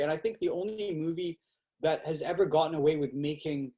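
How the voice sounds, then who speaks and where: A young man as a podcast guest, telling stories in a lively, casual way and acting out quotes, with lots of "like" fillers. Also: fairly high pitch, fairly quick. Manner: animated, acts out quotes with fillers like "like". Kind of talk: casual storytelling chat.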